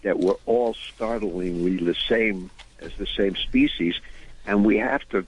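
An older man with a very low, husky voice tells his stories at an unhurried, rambling pace. He sounds earnest and slides from anecdote into gentle preaching, like a musician talking as a guest on the radio. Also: low-quality recording. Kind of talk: conversational storytelling.

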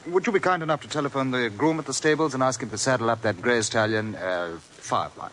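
An actor playing a bored, suave English lord who talks in a languid drawl, in 1940s radio acting. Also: male voice, mid-range voice, fast talker, fairly bright tone, a little hiss or hum, close to an everyday voice, rough recording. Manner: languid, drawling, upper-class.

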